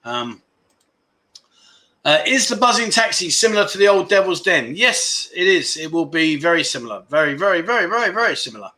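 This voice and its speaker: Man, casual livestream host, chatty and frank, bright tense tone. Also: high-pitched, sing-song, brisk. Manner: rambling, frank, chatty, talks to viewers as mate. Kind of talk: casual livestream chat reading viewer comments.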